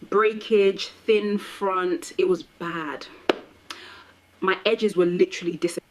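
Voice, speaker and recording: A woman's voice: mid-range voice, fairly even intonation, slow, noisy background, close to an everyday voice. AI-voiced woman giving a chatty hair testimonial.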